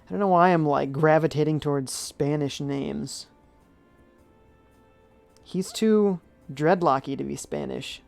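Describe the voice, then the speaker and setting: This streamer's medium-pitched voice is gravelly and somewhat dark. During live gameplay commentary he reads out the chat, thinks aloud in a chatty way, and hums as he weighs his choices.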